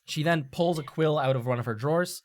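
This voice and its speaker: A game master narrating a tabletop game in a casual, halting way. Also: medium pitch, crowd noise.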